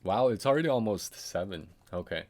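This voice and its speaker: A man's voice: fairly low pitch, lively intonation, brisk, a little mellow. A man streaming a game, chatting casually and often trailing off into muttered asides and chuckles. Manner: rambling, trailing off and muttering to himself. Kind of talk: casual live-stream commentary.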